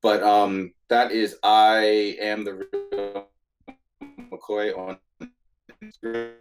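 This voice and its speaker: A man with a fairly low voice chats as a podcast guest. He is relaxed and a little halting, filling pauses with "uh" and "um" as he goes. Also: faint music behind, low-quality recording. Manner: laid-back, hesitant, many "uh" and "um" fillers. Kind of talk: casual conversation.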